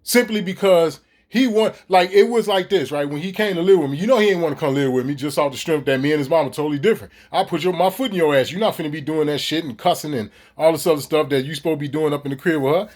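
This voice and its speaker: Casting: middle-aged man, high-pitched voice, profane and animated vlog rant to the audience. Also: fast talker, hardly any pauses. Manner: profane, animated, street slang, talks straight to viewers. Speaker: vlogger. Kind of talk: casual ranting monologue to camera.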